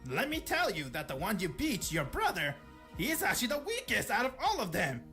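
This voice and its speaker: King Kai, as a man voices him, bright and lively. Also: high-pitched, brisk, soft background music, exaggerated voice. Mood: serious. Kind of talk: amateur fan animation voice acting.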